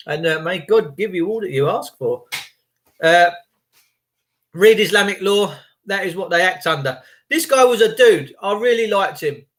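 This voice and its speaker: Chatty man, slightly high voice. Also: a bit bright. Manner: chatty, repetitive, emphatic. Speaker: vlogger. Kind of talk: rambling casual storytelling.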